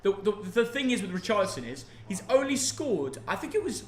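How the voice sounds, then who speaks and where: A young man, reacting live to a football match and getting excitable at the big chances. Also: high voice, a little fast. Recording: echoey room.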